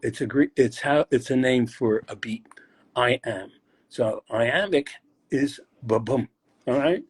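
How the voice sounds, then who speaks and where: An older man, a guest poet, chatting casually about poetry in a rambling, halting way as he searches aloud. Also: mid-range voice, breathy edge. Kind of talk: casual chat explaining poetry.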